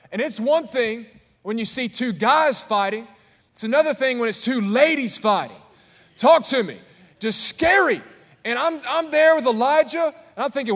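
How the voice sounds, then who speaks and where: A male pastor with a high voice delivers a lively, humorous sermon and keeps calling out to the congregation. His voice carries a long reverb from a large church hall. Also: moderate pace. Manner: animated, calls out to the congregation.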